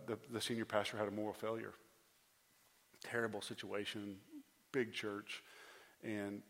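A man in his thirties preaching an earnest sermon as pastor, often restarting phrases and building to loud, emphatic pleas. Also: fairly low pitch. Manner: frequent restarts and repeated phrases. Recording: preached in a large reverberant hall.

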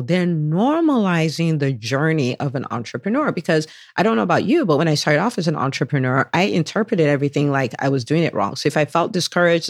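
A woman physician hosts her podcast alone, speaking with warm, bubbling enthusiasm. She often lifts her pitch to imitate the people she quotes. The sound is close and dry, with no room around it. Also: dry recording. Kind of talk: solo podcast monologue.

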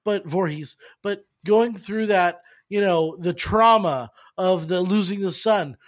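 Man, high voice, podcast host, halting questions, casual film talk. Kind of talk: casual film review chat.

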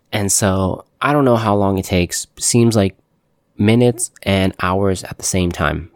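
A young man with a low, gravelly voice, recorded dry and close. He recounts his own story in halting casual speech. He restarts often and leans on fillers. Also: darkish tone, no room sound. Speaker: shooting survivor telling his story. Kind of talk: personal storytelling.

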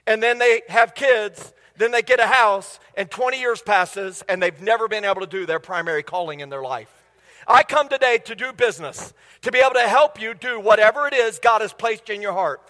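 A man preaching with a strikingly high, bright and forceful voice, full of enthusiasm and chatty asides to the congregation. His words ring out through a church sanctuary with a long hall reverb trailing behind them. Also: moderate pace. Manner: enthusiastic, conversational, asks the crowd questions. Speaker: guest preacher. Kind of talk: sermon.

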